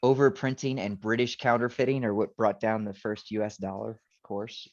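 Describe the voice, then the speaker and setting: A man's voice: fairly low pitch, level tone, moderate pace. Guy teacher on a video call, keeps restarting sentences, kinda muffled lo-fi audio. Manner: rambling, self-correcting, frequent restarts. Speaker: teacher giving a presentation. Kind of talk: informal talk with slides.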